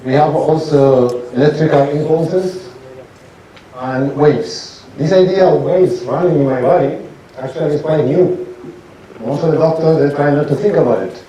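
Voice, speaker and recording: A man's voice: a little high, moderate pace, mellow, slight background noise. Echoey, distant man explaining as a doctor. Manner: explains step by step, often ending with "right?". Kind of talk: explanatory talk. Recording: very echoey room, distant mic, faint ambience.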